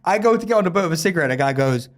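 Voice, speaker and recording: A man's voice: on the high side, expressive, very fast. A young man hosting a podcast, telling a rambling, laughing story in casual chat and swearing a lot. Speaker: podcast host.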